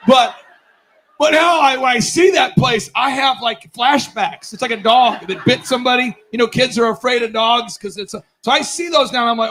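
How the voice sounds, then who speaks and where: A middle-aged man telling a comic story as a business conference speaker, loud and animated when he acts out scenes, laughing as he goes. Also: extremely high pitch, normal speed, rough recording. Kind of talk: comedic storytelling keynote. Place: conference stage before a live audience.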